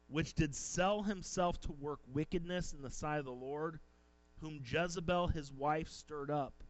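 A man's voice: on the high side, dull audio. A male pastor preaching a sermon, reading old-fashioned scripture aloud and then exhorting his congregation.

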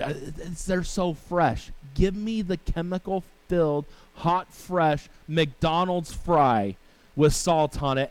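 Slightly high yet darkish in tone, this male pastor's sermon is casual and full of rhetorical questions such as "right?" along with asides, and he reads the Bible in King James wording. The recording is dry and low in quality.

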